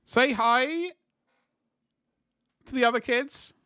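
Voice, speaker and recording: A man with an extremely high-pitched voice speaks slowly in a pushed, bright but smooth tone, recorded in studio quality with no room sound. He's hosting a casual livestream, painting miniatures at his desk and chatting in a rambling way with viewers.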